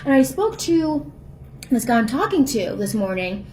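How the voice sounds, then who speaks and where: A woman with a somewhat high voice talks earnestly to camera in a casual, rambling way. A faint hiss sits under her voice. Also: big pitch swings, normal speed, a little mellow, rough recording. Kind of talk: casual vlog monologue.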